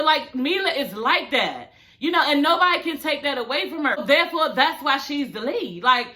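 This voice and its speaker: A woman's voice: high voice, bright, forceful tone. A woman talking straight to her viewers in a casual review vlog, blunt and profane, with plenty of sass. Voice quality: sassy, blunt and profane, addressing viewers directly. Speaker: TV show reviewer.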